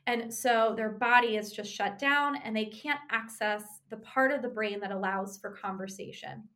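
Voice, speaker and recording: A woman explaining couples communication in a lively, conversational way, often checking in with "right?". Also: fairly high pitch. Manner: conversational, animated, frequent tag "right?". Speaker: relationship therapist.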